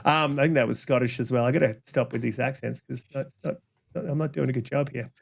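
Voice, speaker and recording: A man's voice: medium pitch, steady tone, quick pace, creaky. Rambling, apologetic male podcast host. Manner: rambling, apologetic, frequent "um"s and restarts. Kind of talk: casual podcast chat.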